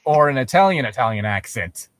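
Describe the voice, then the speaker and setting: A man's voice: mid-range voice, sing-song, fairly quick, fairly bright tone, no room sound, studio quality. A man reading fan fiction aloud as a joke with friends, often laughing and teasing. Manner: joking, laughs often, puts on mock accents. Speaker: podcast co-reader.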